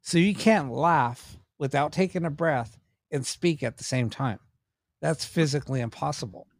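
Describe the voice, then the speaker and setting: This man's voice is on the high side, moderately paced, in clean studio sound with no echo. A paranormal investigator and cameraman, he tells stories on a podcast interview in a casual, animated, rambling manner full of restarts.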